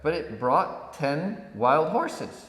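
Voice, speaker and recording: A man co-hosting a podcast, telling a parable in a relaxed conversational way and acting out the villagers' lines. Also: on the high side, drawn-out words. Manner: animated storyteller who acts out villagers. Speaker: podcast co-host. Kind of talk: conversational storytelling. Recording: echoey room with long reverb.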